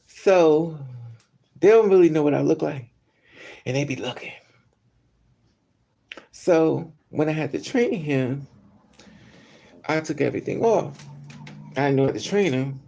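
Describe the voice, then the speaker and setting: On a livestream, a man recounts a personal story to his audience, casually and candidly, speaking right to viewers and answering comments. His lively intonation, measured pace, and long pauses ride on a voice that's a bit high for a man, dark and mellow, with a gravelly, creaky edge throughout.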